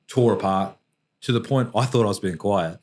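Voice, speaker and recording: A middle-aged Australian man with a fairly low voice speaks as a podcast guest. He tells his story slowly and reflectively, pausing and restarting as he searches for words. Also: darkish tone. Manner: halting and reflective, frequent restarts. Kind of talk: emotional personal storytelling.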